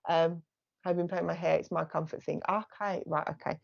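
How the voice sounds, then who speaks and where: A woman's voice: lowish voice, fairly even intonation, normal speed, creaky. Chatty woman medium on a dull livestream. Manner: soft, chatty, thanks unseen spirits aloud. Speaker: psychic medium. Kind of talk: live psychic reading.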